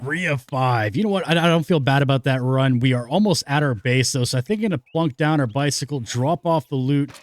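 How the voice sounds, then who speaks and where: A man casually commentating his own gameplay, rambling and joking to himself with sudden excited whoops. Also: medium pitch, brisk, few pauses, no echo. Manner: jokey, rambling, talks to himself and the game; lively swings from mumbles to excited whoops. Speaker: let's play gamer.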